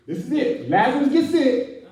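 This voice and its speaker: A man's voice: extremely high pitch, big pitch swings, normal speed, darkish tone. A man preaching a sermon as minister, with humor and call-and-response. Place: church sanctuary. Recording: echoey church from a distant mic.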